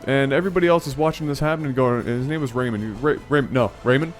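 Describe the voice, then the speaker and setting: A man spins a comic personal story for his channel with animated energy. He stumbles over and corrects his own words, then jumps into playful voices. His pitch sits in a middle range, with faint music under him. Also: rapid-fire. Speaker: channel host. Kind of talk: storytelling vlog.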